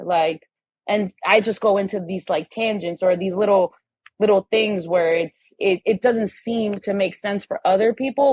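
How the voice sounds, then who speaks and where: A woman's voice: medium pitch, no echo, lo-fi sound. A woman guest on a podcast in casual conversation, telling stories animatedly and acting out the voices of the people in them.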